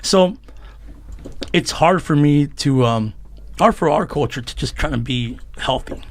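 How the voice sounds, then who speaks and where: A man's voice: fairly high pitch, expressive. A man, a comedian guest, chatting casually on a podcast, swearing freely, telling stories and laughing often. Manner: profane, storytelling, quick to laugh. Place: small podcast room lined with foam.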